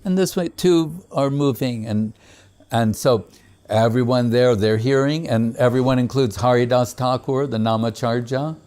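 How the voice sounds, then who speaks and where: Guy giving a devotional talk, retells old stories, recites sanskrit verses, chuckles a lot, mid-pitched voice. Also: normal speed, darkish tone. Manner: chuckles often. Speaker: spiritual teacher. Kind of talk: devotional discourse.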